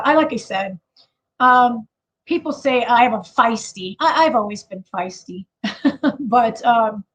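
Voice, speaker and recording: A woman's voice: high voice, low-quality recording. A woman with a Chicago accent hosting a casual livestream chat, laughing often and stopping to restart with lots of fillers. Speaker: livestream host.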